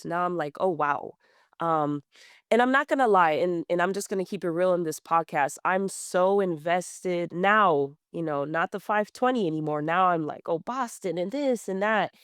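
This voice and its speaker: A woman's voice: on the low side, no echo, clean studio sound. A woman in her thirties, a podcast guest, telling her story in a blunt, plain-spoken way with many fillers and restarts. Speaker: guest runner. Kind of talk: candid conversational storytelling.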